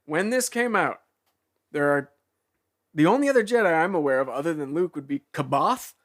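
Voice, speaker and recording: A man's voice: on the high side, expressive, normal speed, a bit bright. A man co-hosting a podcast in casual chat, making dry, sarcastic asides about the book. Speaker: podcast co-host.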